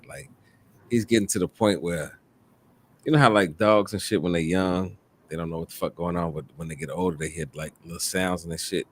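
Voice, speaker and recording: A man hosting a casual talk show, telling a long story in a loose, profane, animated way. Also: low-pitched, slight background noise. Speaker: host. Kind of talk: casual chat.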